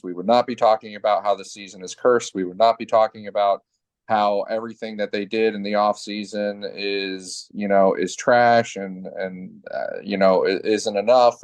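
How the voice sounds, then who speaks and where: A man's voice: lowish voice, dry recording. A man hosting a sports podcast in casual chat, talking in long rambling runs full of fillers and restarts. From New England family.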